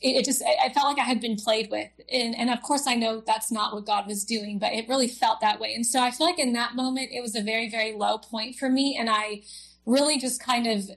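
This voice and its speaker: A young woman guest telling a personal story in an interview, halting and emotional, with many fillers. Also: fairly high pitch, fairly even intonation, a bit bright.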